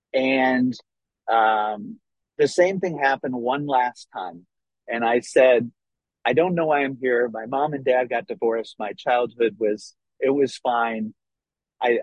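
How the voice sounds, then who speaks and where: A man telling his own recovery story in an earnest, halting way, often restarting his sentences. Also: mid-range voice, no echo. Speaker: person sharing a recovery story. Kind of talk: personal testimony. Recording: dull, dry lo-fi recording.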